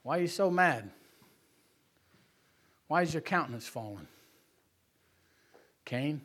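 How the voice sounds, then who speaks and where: A gentle, patient God speaks in a hushed, slow tone, lower than the man playing him. A preacher puts this voice on. He asks soft questions with quiet tenderness. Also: animated, close to an everyday voice.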